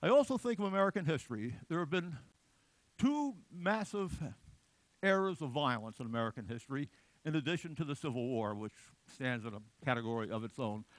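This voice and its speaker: A man giving an unscripted lecture, animated and digressive, with frequent restarts. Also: mid-range voice, quick pace, no room sound.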